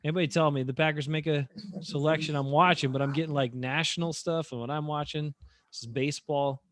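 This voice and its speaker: A man's voice: on the high side, fairly even intonation, brisk, fairly bright tone, no echo. Opinionated man in a dry room. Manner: opinionated, rambling with fillers. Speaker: podcast co-host. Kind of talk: casual sports chat.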